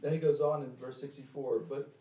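Preacher's voice echoing in a church. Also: male voice, mid-range voice, level tone, brisk, dark tone, muffled recording. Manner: questions the congregation directly, emphatic rises and drops. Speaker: pastor. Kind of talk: sermon. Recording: echoey room, mic at a distance.

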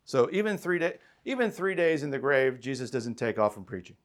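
A man's voice: mid-range voice, very animated, fairly quick. A man preaching a sermon as a pastor, building to emphatic calls and acting out quoted voices. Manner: impassioned, rising to emphatic calls.

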